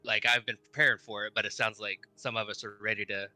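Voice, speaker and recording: A man's voice: lowish voice, flat delivery, quick pace, sharp tone, low-quality recording. A man playing a tabletop game, chatting in a rambling, hesitant way about the session. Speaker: player. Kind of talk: casual chat at an online tabletop game.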